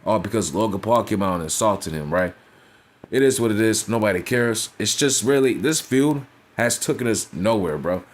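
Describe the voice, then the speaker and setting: Man, lower register, casual ranting reviewer, blunt and foul-mouthed, heavy slang. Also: normal speed. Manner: blunt, profane, slangy, with frequent "you feel me" asides. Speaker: wrestling reviewer.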